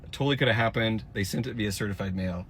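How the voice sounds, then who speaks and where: A man's voice: lowish voice, fast, slight background noise. A man, a dentist, telling a shaken first-person account to camera outside a gas station. He is rattled and shaking, rambling with breathless restarts.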